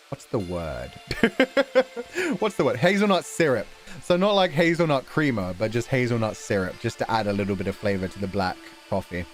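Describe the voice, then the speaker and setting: British male streamer, young adult, casual donation-reading chat, animated up-and-down delivery, easy laughs, bit of swearing. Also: fairly low pitch. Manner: relaxed, chatty, laughs often, swears casually. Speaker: streamer host.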